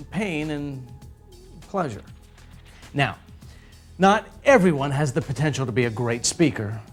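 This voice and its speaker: Lively, playful male narrator. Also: medium pitch. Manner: lively, playful, theatrical emphasis. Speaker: narrator of an educational video. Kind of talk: scripted narration.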